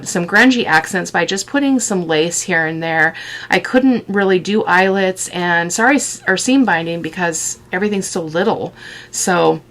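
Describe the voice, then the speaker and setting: A woman talks through her handmade miniature journal in a relaxed, chatty way, thinking aloud and delighting in small details. Her voice sits a little low with a gravelly edge of vocal fry. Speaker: craft video host. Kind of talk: casual crafting walkthrough.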